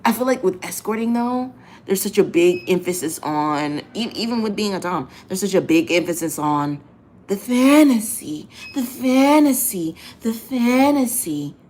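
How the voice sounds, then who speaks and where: A woman's voice: on the low side, lively intonation, normal speed, a little mellow. A woman hosting a casual monologue in a blunt, profane, emphatic way, often repeating phrases for effect. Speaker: host.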